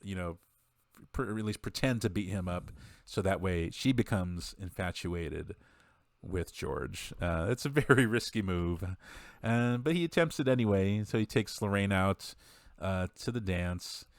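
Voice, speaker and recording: A man on a podcast gives a rambling, casual recap of a movie. He laughs often and acts out the quotes. His voice is very deep, and the close mic sounds dry. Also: lively intonation, measured pace, no echo. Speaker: podcast co-host.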